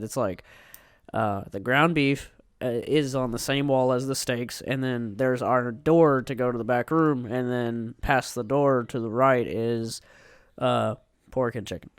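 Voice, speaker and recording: A young man chats on a podcast, slow and relaxed with plenty of ums. His voice is smooth and clear, recorded dry and close with no room sound. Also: mid-range voice, no room sound. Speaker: podcast co-host. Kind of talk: casual chat.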